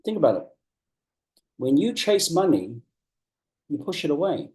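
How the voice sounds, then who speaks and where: Mellow earnest New coach. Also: male voice, on the high side, sing-song. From New Zealand. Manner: earnest and emphatic, repeats key phrases, slows down to stress points. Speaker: business coach. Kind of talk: motivational coaching talk.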